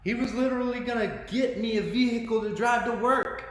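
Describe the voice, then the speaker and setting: Excited high-voiced man in echoey room. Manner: earnest, excitable, talks fast with restarts. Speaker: vlogger sharing his story. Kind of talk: emotional personal monologue. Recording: very echoey room with long reverb.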